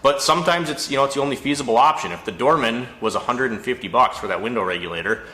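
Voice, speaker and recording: A man's voice: medium pitch, fast, roomy sound. A man, an auto mechanic, telling a frustrated story in a casual rant, with exasperated asides. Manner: exasperated, storytelling, animated retelling. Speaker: auto mechanic and shop owner. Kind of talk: casual ranting monologue.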